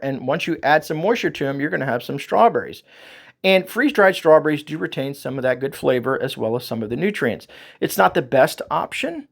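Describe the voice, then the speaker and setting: A man hosting a casual grocery haul video, talking in a folksy, rambling way and calling his viewers folks. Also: on the high side. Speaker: homestead channel host.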